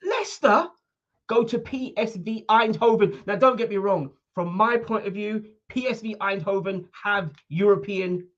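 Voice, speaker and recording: A woman co-hosting a football talk livestream, her voice swinging widely in pitch as she drives her points home. She talks with emphatic energy and pushes on through interruptions. The sound is dull and lo-fi, coming over a weak internet link. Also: animated, moderate pace. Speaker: co-host of a football discussion show. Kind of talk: casual sports chat on a livestream.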